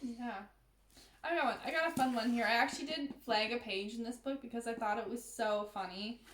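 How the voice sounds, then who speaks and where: A woman's voice: a little high, fairly quick, echoey room, background noise. A woman co-hosting a casual podcast, chatting and reading passages from old books aloud with frequent giggles. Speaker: podcast co-host.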